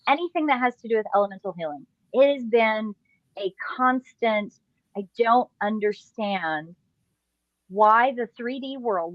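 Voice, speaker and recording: A woman's voice: mid-range voice, dry recording. Reflective woman, slightly dull audio. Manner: reflective, explaining at length. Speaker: podcast co-host. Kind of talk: casual podcast conversation.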